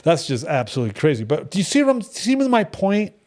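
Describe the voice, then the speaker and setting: Middle-aged male group leader, blunt and animated, slightly high voice, casual teaching talk. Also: fast talker. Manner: animated, storytelling, blunt, many restarts.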